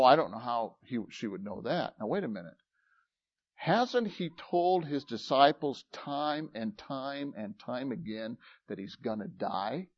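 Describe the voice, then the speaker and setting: A man's voice: medium pitch, no room sound, highs cut off. A man preaching a conversational sermon as pastor, acting out little dialogues and asking rhetorical questions.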